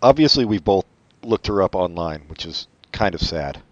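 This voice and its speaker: A man co-hosting a podcast, chatting casually with sardonic, deadpan asides. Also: deep voice, normal speed, dry recording, dull audio. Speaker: podcast co-host. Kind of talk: casual chat.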